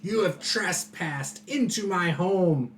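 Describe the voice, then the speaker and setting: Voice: medium pitch, lively intonation, racing, a little hiss or hum, natural voice. A game master voicing an angry young warrior who bristles at intruders in his home. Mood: indignant. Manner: yelling, indignant.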